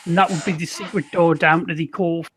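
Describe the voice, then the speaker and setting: An older man playing a tabletop game, speaking deliberately with a mock-menacing edge. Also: fairly high pitch, steady tone, a bit bright, slight background noise. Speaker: player.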